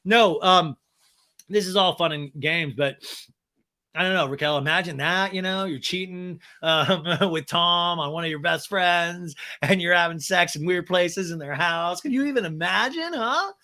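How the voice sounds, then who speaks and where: A man's voice: a little high, fairly even intonation, unhurried, pushed and bright. A man hosting a podcast, giving a chatty, wry recap of a reality show and laughing often. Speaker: podcast host.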